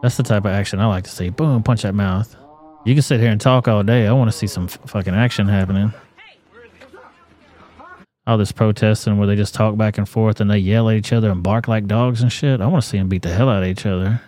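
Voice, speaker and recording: A man's voice: fairly low pitch, fairly even intonation, a little fast, warm tone. A man hosting a casual livestream, reacting to videos and reading chat with crude, blunt, profane talk. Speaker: livestream host.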